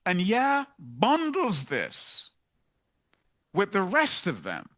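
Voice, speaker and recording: A man's voice: sits high, huge pitch swings, very slow, pushed and bright. A man preaching a sermon, emphatic and driving points home by repeating them.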